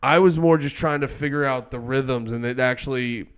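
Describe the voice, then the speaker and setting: A young man co-hosting a casual comedic music podcast, joking and breaking into high shouted bits. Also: normal speed, clear, resonant tone. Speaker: podcast co-host.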